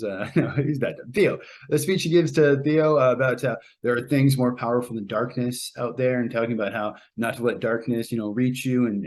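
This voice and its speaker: A man hosting a casual solo review, rambling and conversational with lots of fillers, and his pitch jumps up sharply when he gets excited. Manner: animated, jumps up when quoting. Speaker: show host reviewing a TV episode.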